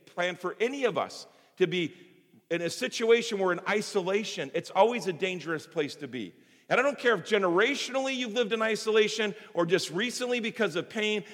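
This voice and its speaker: A man pastor preaching a sermon, swinging from loud emphatic exhortation to hushed, intimate tones. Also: high voice, animated, moderate pace. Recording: hall reverb.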